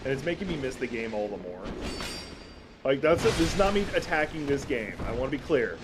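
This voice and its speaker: A man giving casual live commentary while streaming a game, excitable and self-mocking, swearing and shouting at enemies. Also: medium pitch, fairly quick, loud music behind the voice.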